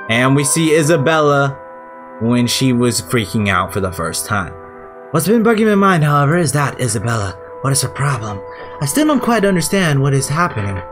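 Male let's-player; chatty, irreverent, swears, animated mid-pitch voice. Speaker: gamer. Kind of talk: casual let's-play commentary.

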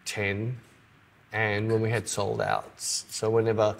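A man's voice: lowish voice, slow, vocal fry. A middle-aged man, co-hosting a casual podcast chat and acting out little quotes as he tells stories. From Australia. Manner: animated storyteller, acts out quotes. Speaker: podcast co-host.

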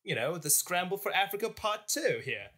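A man's voice: sits high, very animated, moderate pace, sharp tone, full character voice. A man putting on a stuffy, pompous upper-class British official for a comic bit. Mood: smug. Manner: pompous, old-chap bluster.

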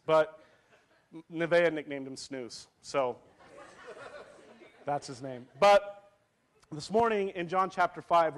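A storytelling pastor, fairly high voice. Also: male voice. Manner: animated storytelling with laughs and acted family quotes. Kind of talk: sermon.

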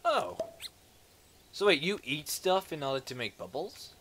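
A man narrates his gameplay in a slow, unhurried way, with his pitch leaping all over the place. He chatters playfully at the creatures on screen and bursts into excited shouts. The recording carries a clear layer of noise. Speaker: let's play host. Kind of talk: casual gameplay commentary.

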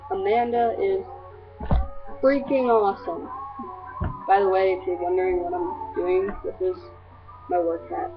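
A woman's voice: medium pitch, fairly even intonation, a little slow, pauses often, faint music behind. A teenage girl vlogging casually to her friends, gushing and rambling with lots of fillers. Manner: gushing, scattered, filler-heavy. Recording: tinny lo-fi webcam audio.

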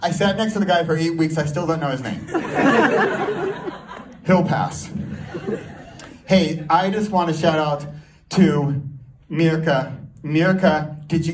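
A man performing a rambling, self-mocking live stand-up set, laughing at his own jokes in front of an audience. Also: fairly high pitch. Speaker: stand-up comedy student performing a first set. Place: small comedy venue with a live audience. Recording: distant mic with audience noise.

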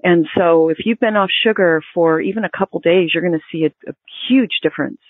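Woman health expert guest, explanatory, mid pitch, phone-like dry sound. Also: fairly quick, dry recording. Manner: explanatory, informative, with some restarts. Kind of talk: interview answers.

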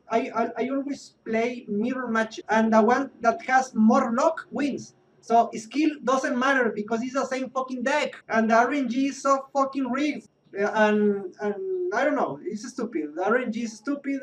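Exasperated man ranting. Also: very high-pitched. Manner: exasperated, repetitive, swearing, restarts often. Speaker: Twitch streamer. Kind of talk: rant about a card game. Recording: distant mic with faint background noise.

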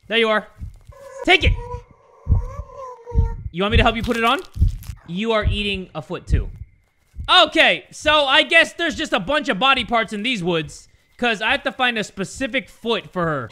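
Excitable young man yelling through a game. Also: high-pitched. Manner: excitable, frequent shouts and yelps. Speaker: gaming YouTuber. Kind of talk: let's play commentary.

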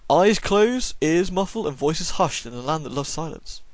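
Man voicing a posh English young gentleman, polite, well-spoken, lively lilt. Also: a little high, normal speed, dry recording, lightly acted.

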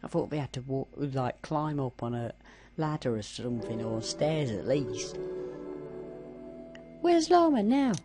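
A woman's voice: very deep voice, moderate pace, hardly any pauses, over music. A woman commenting casually on a game playthrough, chatty and rambling, her voice a little strained. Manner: chatty, rambling, with many fillers. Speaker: gameplay commentator.

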